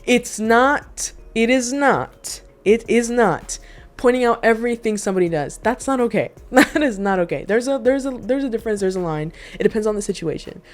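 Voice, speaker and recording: A woman's voice: fairly high pitch, animated, moderate pace. A young woman vlogger in casual chat indoors, telling stories candidly and animatedly with lots of asides. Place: indoor room.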